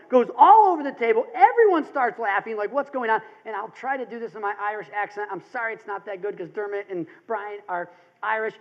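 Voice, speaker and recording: Thirties male seminar speaker, lively storyteller, muffled recording. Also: extremely high pitch. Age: 30s. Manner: energetic storytelling with emphatic rises. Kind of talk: motivational seminar talk. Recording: dull lo-fi recording.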